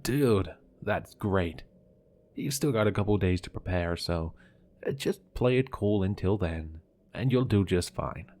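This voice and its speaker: A man's voice: low voice, lively intonation, a little slow, a little mellow, heavily acted. A man voicing an upbeat, encouraging young male friend who talks in laid-back, reassuring bro slang for a horror story reading.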